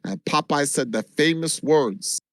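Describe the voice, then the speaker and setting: A man from Jamaica, a livestreamer, telling a long story in an animated, casual way and swearing freely. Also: a little high, measured pace, no echo. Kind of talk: casual chat.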